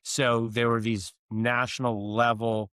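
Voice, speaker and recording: A man's voice: mid-range voice, flat delivery, takes it slowly, fairly bright tone, clean tone, dry recording, studio quality. A man in his sixties, explaining how things were in a casual chat, often checking with "right?".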